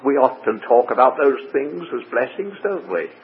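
A man teaching through a Bible passage verse by verse, measured and full of rhetorical questions. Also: mid-range voice, animated, a little hiss or hum. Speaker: preacher. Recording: tinny phone-like radio broadcast.

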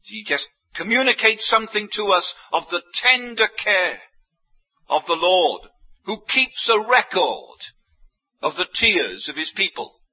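A man preaching a sermon, emphatic, with big swings in pitch and loudness. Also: big pitch swings, measured pace. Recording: dull lo-fi sermon recording.

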